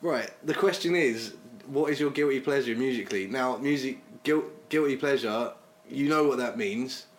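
A man's voice: mid-range voice, normal speed. A man hosting a casual podcast, teasing his co-host and laughing often. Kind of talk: casual banter.

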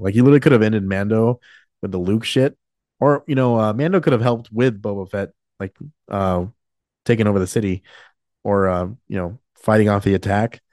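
A slightly mellow, low-side male voice comes through a dry, studio-quality recording. The late-twenties podcast host is choked up, talking candidly in a loose, rambling style full of fillers and restarts.

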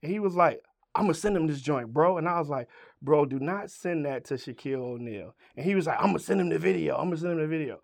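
His slightly high voice is lively, fast, and carries vocal fry. The middle-aged rapper from Richmond, Virginia tells an animated, profane story as an interview guest, playing every part of the dialogue.

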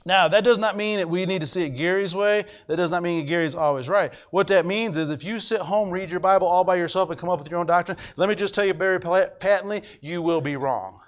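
Middle-aged guy preaching, high voice, keeps hammering his point and asking if everyone gets it. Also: fast talker, hardly any pauses. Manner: emphatic, repetitive, asks the congregation if they follow. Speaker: pastor. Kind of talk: sermon.

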